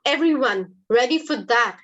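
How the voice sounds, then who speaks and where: Expressive and fairly high in pitch, a woman teaches a live online English lesson at a moderate pace, with the high frequencies cut off in the audio. Her classroom explanations are patient and encouraging.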